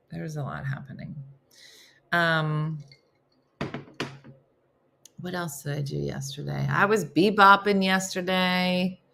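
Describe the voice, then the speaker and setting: A middle-aged woman hosts a casual live morning show, chatting playfully with her viewers and laughing often. Her voice sits low and is creaky yet a bit bright.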